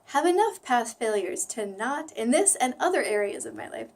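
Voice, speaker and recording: A woman with a flat General American accent, rambling chattily to camera in a self-deprecating way and sometimes dropping into a whisper. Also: sits high, normal speed. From United States. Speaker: language-learning vlogger. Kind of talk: casual talk to camera.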